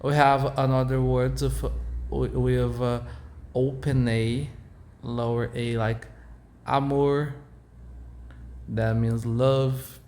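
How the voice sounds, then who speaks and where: A Portuguese-speaking man with a Brazilian accent, informally explaining his language's vowels to a learner in halting English with many fillers. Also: medium pitch, little pitch movement, a little mellow. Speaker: language tutor.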